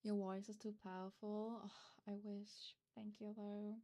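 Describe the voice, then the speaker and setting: A woman's voice: mid-range voice, little pitch movement, measured pace, dark tone. A woman streamer, not a native English speaker, reading fan fiction aloud and chatting with viewers in a hesitant, flustered way. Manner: hesitant, flustered, self-interrupting asides. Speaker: streamer host.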